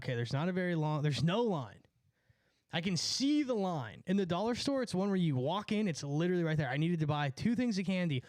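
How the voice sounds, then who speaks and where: Young male streamer, slightly high voice, profane rambling storyteller, dry close sound. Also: no echo. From California. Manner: profane, rambling, laughs at own stories. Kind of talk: casual storytelling chat.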